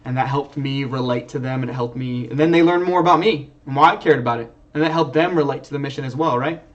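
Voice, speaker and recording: A man's voice: medium pitch, fast. Earnest man on a distant, muffled stream. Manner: earnest, rambling with restarts and filler. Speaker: Air Force NCO, livestream presenter. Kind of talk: livestream talk. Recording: distant, dull lo-fi stream audio.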